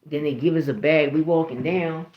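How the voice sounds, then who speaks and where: A man's voice: on the high side, normal speed, roomy sound, highs cut off. A man, telling stories in a casual, profane, rambling way full of restarts and "you know what I mean". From Philadelphia, USA. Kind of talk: casual storytelling.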